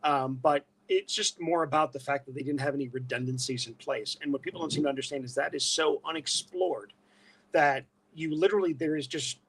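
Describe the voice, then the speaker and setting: A man's voice: a little high, a little fast, a bit bright, husky. A man talking as a guest on a casual podcast, telling stories in an emphatic, self-mocking way.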